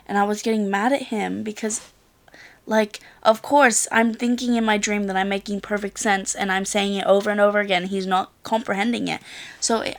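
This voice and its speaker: A woman's voice: mid-range voice, steady tone, fairly quick. A young woman in her late teens chatting casually to camera as a vlogger, rambling through a story with lots of "like" and the odd swear. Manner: rambling storyteller, filler-heavy with frequent "like", swears.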